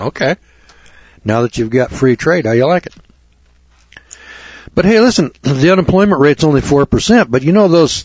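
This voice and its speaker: A man with a husky voice hosts a talk radio show, ranting and firing off rhetorical questions. He needles his listeners with sarcasm. The broadcast sounds dull and lo-fi. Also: medium pitch, a little mellow, dry recording. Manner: sarcastic, addresses audience as kids. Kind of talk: radio monologue.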